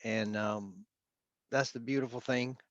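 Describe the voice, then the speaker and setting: A man's voice: mid-range voice, steady tone, no echo. New man telling stories at a video-call tribute, dry muffled sound. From Queens, New York. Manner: warm storytelling, trails off into soft pauses. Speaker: friend and bandmate giving a tribute. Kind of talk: heartfelt remembrance on a video call. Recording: dull lo-fi video call audio.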